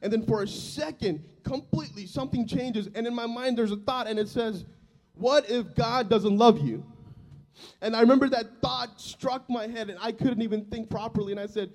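A man in his twenties preaching a sermon, telling his own testimony in an earnest, emotional way that swells loud and drops soft. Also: very high voice, steady tone, brisk, hardly any pauses. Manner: earnest and emotional, loudness rising and falling.

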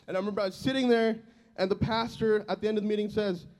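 A man in his twenties preaching a sermon, telling his own testimony in an earnest, emotional way that swells loud and drops soft. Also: sits high, fairly even intonation, rapid-fire. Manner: earnest and emotional, loudness rising and falling.

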